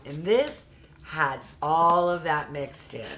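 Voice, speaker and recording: A woman's voice: low-pitched, lively intonation, slow, a bit bright, a little hiss or hum. A woman talks straight to the camera in a casual unboxing vlog about beauty products. She rants with heated exasperation, and her talk is loose and chatty with plenty of fillers. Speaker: beauty box reviewer.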